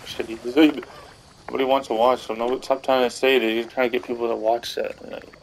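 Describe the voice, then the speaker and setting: Gravelly man ranting crudely. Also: medium pitch, flat delivery, moderate pace, a little hiss or hum, low-quality recording. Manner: crude, dismissive, chuckling. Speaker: gaming and wrestling vlogger. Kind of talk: profane rant to camera.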